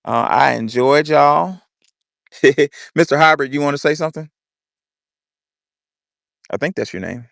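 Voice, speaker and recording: A man's voice: a little high, unhurried, vocal fry, long pauses, a bit bright, no echo, studio quality. A young man hosting a loose, casual audio chat, swearing freely and cutting in on others. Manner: loose and profane, cuts in often. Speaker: host.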